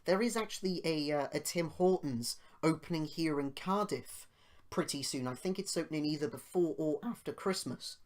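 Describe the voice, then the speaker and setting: A man's voice: on the high side, moderate pace. A British man hosting a podcast, rambling through a personal story with tangents and growing indignant as he retells it. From United Kingdom. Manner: grows loud and indignant while retelling. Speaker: podcast host.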